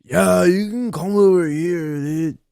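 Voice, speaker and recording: A laid-back young skater-dude doctor, as a man puts him on in a comedy bit, talking in a high, drawling surfer voice full of slang. His voice sits well above a normal speaking pitch, and it comes across dry and close, with no room echo. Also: takes it slowly, gravelly, a little mellow, full character voice. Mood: mellow.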